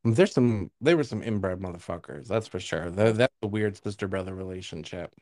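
A man's voice: sits low, moderate pace, a little mellow, no room sound, studio quality. A young man co-hosting a podcast, telling rambling stories in casual chat with lots of fillers and swearing. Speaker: podcast co-host.

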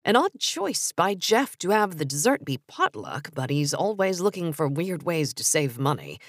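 A woman's voice: deep voice, very animated, moderate pace, no room sound, studio quality, pitched below the performer's own voice, exaggerated voice. A woman voicing a smug male businessman boyfriend in an audiobook story, offhand and condescending.

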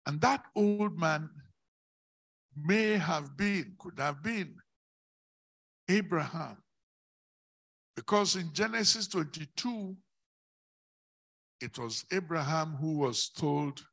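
A man preaching a sermon, slow and declamatory, rising into emphatic shouts on key words. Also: on the high side, lively intonation, vocal fry.

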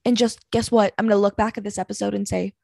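A woman's voice: medium pitch, steady tone, fast talker, gravelly, warm tone, no room sound. A young woman hosting a podcast from home, rambling through stories in an exasperated, heavily profane way. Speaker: podcast host. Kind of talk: casual solo podcast rant. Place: small house at home.

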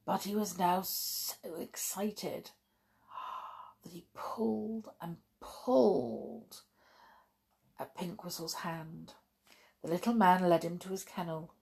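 A woman reading a children's story aloud as a podcast host, gentle and expressive. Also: fairly low pitch, slow pace, gravelly, pauses often, slightly rough. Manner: gentle, expressive, chatty sign-off.

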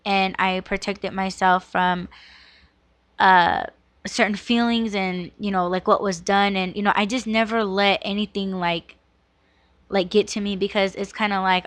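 A thirty-something podcast host recounts something personal in a blunt, casual way, swearing freely and constantly saying "like" and "you know." Her medium-pitched, fairly bright voice holds a steady tone at a slightly slow pace, in a dry recording.

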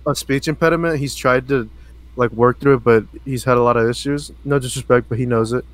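A man's voice: mid-range voice, fairly even intonation, fast talker, no room sound. A young man co-hosting a podcast, chatting casually, laughing often and swearing as he tells stories. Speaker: podcast co-host. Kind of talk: casual chat.

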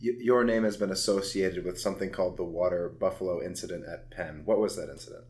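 Deep-voiced, quick-talking male interviewer. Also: fairly even intonation, a little mellow. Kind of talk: interview questions.

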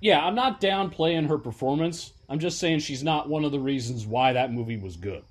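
A man's voice: on the high side, normal speed. A man co-hosting a casual podcast, chatting loosely about movies and quoting lines with a laugh. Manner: laid-back, quotes film lines with laughs. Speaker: podcast co-host. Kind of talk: casual chat.

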